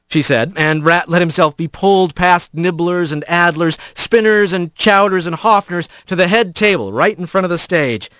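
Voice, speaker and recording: A man reading a storybook aloud as narrator, in an expressive, animated way. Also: on the high side, moderate pace, hardly any pauses, no room sound.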